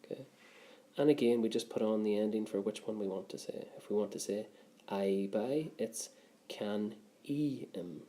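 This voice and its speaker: A man's voice: on the low side, moderate pace, mellow. A man who teaches a grammar lesson patiently, step by step, often checking in with "okay". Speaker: Irish language teacher.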